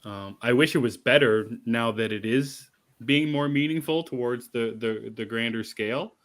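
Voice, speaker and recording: A man's voice: medium pitch, moderate pace, a bit bright. A man co-hosting a casual geek podcast, talking in a rambling way with many restarts. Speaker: podcast co-host. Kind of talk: casual chat.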